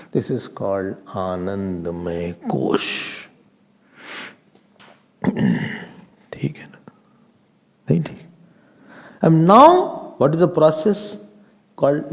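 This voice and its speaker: A man, a swami, giving a humorous, animated Vedanta class, mixing Hindi into his English and chanting Sanskrit verses. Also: medium pitch, creaky. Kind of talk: scripture class lecture. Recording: reverberant hall.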